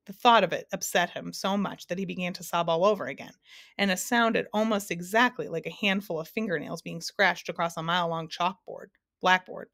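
A woman's voice: lowish voice, brisk, gravelly, no echo, clean studio sound. Woman reading a storybook aloud. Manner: steady, expressive reading. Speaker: narrator. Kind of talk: storybook narration.

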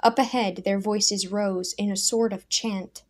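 A woman narrating a storybook in a measured, soft-spoken reading. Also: medium pitch, steady tone. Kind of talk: scripted audiobook narration.

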